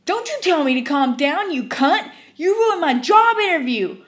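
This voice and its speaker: A woman's voice: extremely high pitch, sing-song, normal speed, pitched above the performer's own voice. A woman voicing a furious man in his fifties who screams and curses at a drive-thru worker. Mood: enraged. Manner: screaming, cursing, ranting.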